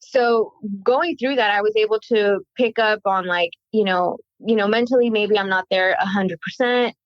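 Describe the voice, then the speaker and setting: A woman's voice: mid-range voice, normal speed, dry recording, muffled recording. A woman guest talking earnestly and reflectively in a casual conversation.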